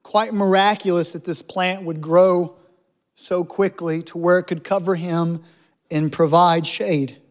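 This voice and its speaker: High-voiced joking male preacher. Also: fairly even intonation, measured pace. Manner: humorous, conversational preaching with asides. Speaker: pastor. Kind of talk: sermon.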